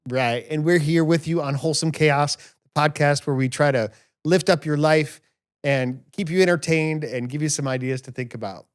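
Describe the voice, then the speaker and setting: A man hosting a casual family podcast, telling stories in an animated, self-mocking way. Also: a little high, moderate pace, smooth. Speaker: podcast host. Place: home podcast studio.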